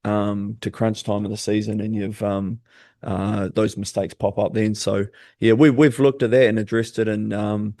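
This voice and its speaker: New male athlete in his thirties, low and even voice, dry close sound. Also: no room sound. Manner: easygoing, many "um" pauses. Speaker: basketball player and coach, guest. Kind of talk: casual podcast interview.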